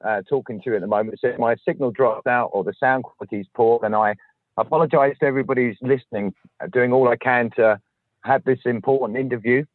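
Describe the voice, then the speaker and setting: A man's voice: mid-range voice, fairly even intonation, quick pace, no room sound. A man from southern England, a podcast host, talking casually and self-deprecatingly from a parked car. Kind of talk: casual chat. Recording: tinny dry phone line.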